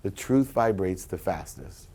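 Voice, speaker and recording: A calm, wise woman doctor speaks with gentle patience and steady questions, as a man quotes her in his own low register. The delivery stays close to a plain speaking voice. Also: measured pace, vocal fry, slightly rough, full character voice. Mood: earnest.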